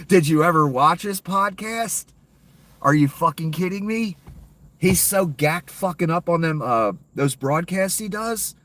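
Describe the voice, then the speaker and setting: A man's voice: mid-range voice, fairly bright tone, distant mic. Profane ranting man, a bit off-mic. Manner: profane, heated, sarcastic. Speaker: political commentator. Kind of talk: ranting political commentary.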